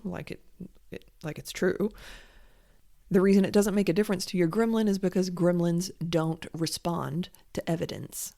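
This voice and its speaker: A woman's voice: lowish voice, vocal fry, a little mellow. A woman hosting a solo podcast, talking frankly and casually with lots of fillers and restarts. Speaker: podcast host and creative coach.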